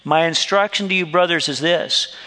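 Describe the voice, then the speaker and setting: A man's voice: on the high side, moderate pace, sharp tone, in a large hall. A man preaching a sermon as pastor, talking to the congregation in a conversational way and acting out little quoted exchanges.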